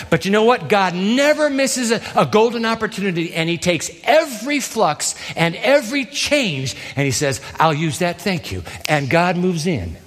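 A male pastor preaches with animated, theatrical storytelling, his fairly high voice leaping widely in pitch. A long hall reverb hangs on his words. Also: slightly rough. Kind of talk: sermon.

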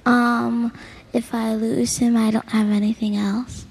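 A woman's voice: on the high side, little pitch movement, measured pace, darkish tone, husky. A woman giving short, hesitant answers in an interview.

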